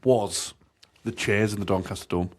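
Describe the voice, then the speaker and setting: A man co-hosting a casual podcast, joking around with crude banter and quick agreements. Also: lowish voice, steady tone. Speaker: podcast co-host. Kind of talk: casual chat.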